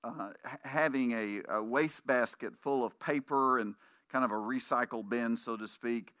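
A man's voice: medium pitch, normal speed, pushed and bright, no echo, studio quality. A man preaching a conversational sermon, telling anecdotes and acting out the voices of people in his stories. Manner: puts on voices when quoting people in stories. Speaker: pastor.

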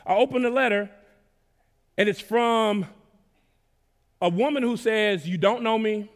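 Texas pastor guy, high voice, casual slangy preaching that gets loud, long church reverb. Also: a little slow. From Dallas, Texas. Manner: conversational preaching with casual slang and swings in loudness. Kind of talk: sermon. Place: church sanctuary. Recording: long reverb of a large hall.

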